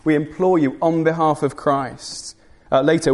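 A man preaches from a pulpit, earnest and emphatic in his delivery. His voice sits a little higher than most men's. He drops in the occasional dry, self-deprecating aside. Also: fairly even intonation, normal speed. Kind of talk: sermon.

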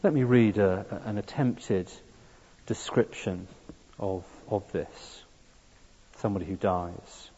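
A man's voice: fairly low pitch, slow pace, warm tone, husky. A man preaching a sermon, earnest and building to emphatic peaks. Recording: dull sound in a long-reverb hall.

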